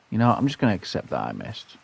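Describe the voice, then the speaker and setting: A man's voice: lowish voice, vocal fry, darkish tone, slight background noise. A man commentating his hunting game, muttering to himself and getting frustrated. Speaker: gaming youtuber.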